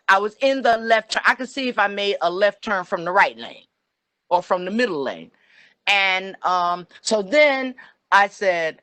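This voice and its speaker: An older woman telling a personal story on a video call, animated and acting out the voices she quotes. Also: medium pitch, unhurried, no echo. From New Jersey. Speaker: webinar presenter.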